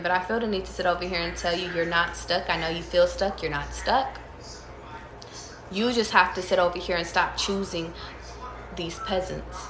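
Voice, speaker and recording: A tarot reader casually gives readings to her viewers, speaking emphatically with lots of profanity and repeating and restarting her phrases. Her voice is lowish, and the recording is reverberant with a noisy background.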